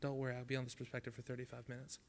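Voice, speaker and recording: A man preaching a sermon at a youth camp, conversational and dramatic, swinging from loud to hushed. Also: mid-range voice, monotone, racing, a little hiss or hum.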